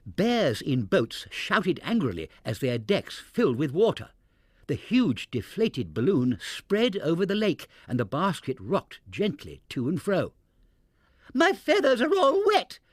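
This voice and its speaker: Animated male storybook reader. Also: a little high, no room sound, clean studio sound. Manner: expressive and animated. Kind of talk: children's storybook reading.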